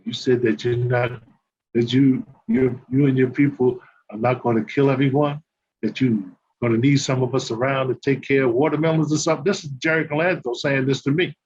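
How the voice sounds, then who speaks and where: Older man telling animated stories. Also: mid-range voice, brisk. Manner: animated, acts out quoted dialogue, laughs while telling. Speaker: podcast guest, former basketball player. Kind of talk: casual anecdote storytelling. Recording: slightly muffled with faint background noise.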